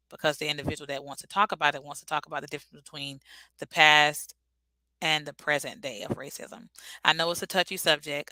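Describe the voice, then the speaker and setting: A woman's voice: low-pitched, bright, forceful tone, no room sound, poor audio. A woman hosting a casual live stream, chatting directly with her viewers and calling them y'all.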